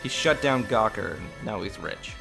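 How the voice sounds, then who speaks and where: Deep-voiced woman doing casual game commentary, joking around, lively pitch, game music playing. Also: normal speed, creaky. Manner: joking, reads game text aloud. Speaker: let's play streamer.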